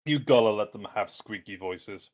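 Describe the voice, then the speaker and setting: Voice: medium pitch, moderate pace. A player in a tabletop game, chatting casually and joking.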